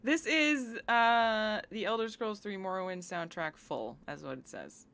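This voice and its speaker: A woman's voice: mid-range voice, animated, a little slow, fairly bright tone. A woman from the United States chatting casually with viewers on a live stream, bubbly and giggly as she reads chat aloud and riffs on it. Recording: faint game music behind.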